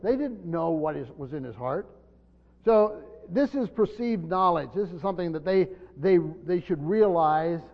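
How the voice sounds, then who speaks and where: A man teaches a Bible passage from a church pulpit, stumbling over his words and then pressing hard on the points he wants to land. His voice sits high. The recording sounds dull and muffled, with a long reverb trailing off the hall walls. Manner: stumbling restarts, emphatic rises on key points. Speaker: pastor.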